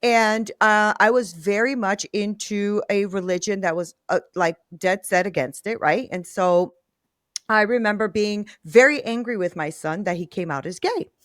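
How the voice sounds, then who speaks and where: A middle-aged woman hosting a podcast interview, telling a personal story in an earnest, animated way. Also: mid-range voice, normal speed, no echo, clean studio sound. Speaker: podcast host. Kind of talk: conversational interview.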